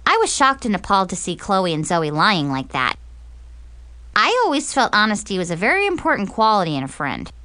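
Expressive sarcastic woman narrator. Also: mid-range voice, fairly quick, no room sound. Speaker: audiobook narrator. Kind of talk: first-person audiobook narration of a teen diary.

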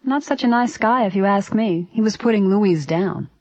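A woman's voice: mid-range voice, expressive, moderate pace, a little mellow, no room sound, lo-fi sound, pitched above the performer's own voice, natural voice. A woman voicing a polite, thoughtful young woman detective in a story reading. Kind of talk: storybook character voice.

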